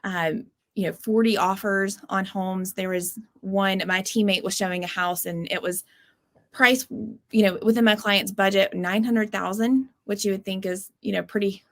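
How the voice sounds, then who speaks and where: A woman real estate agent speaks over a video call in a mid-pitched voice. She tells her stories in a chatty way, full of "you know" and "like". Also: fairly even intonation, moderate pace, fairly bright tone. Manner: chatty, storytelling with many fillers. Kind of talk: casual panel chat.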